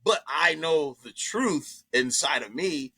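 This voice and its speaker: A comedian guest telling a story in casual chat, profane and animated, jumping into other people's voices as he goes. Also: fairly high pitch, takes it slowly, husky.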